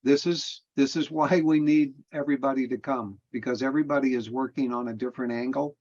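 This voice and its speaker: A man's voice: medium pitch, fairly even intonation, brisk, darkish tone. A man runs a support group over a video call, encouraging and appreciative toward the members. His voice comes through dull lo-fi call audio.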